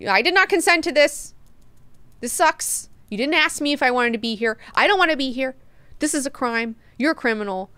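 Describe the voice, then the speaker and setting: A woman's voice: sits high, sing-song, a little slow, fairly bright tone, no room sound, voice pushed up, exaggerated voice. Woman putting on a whiny outraged young swordsman. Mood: complaining. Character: indignant young male swordsman, whiny and sulky.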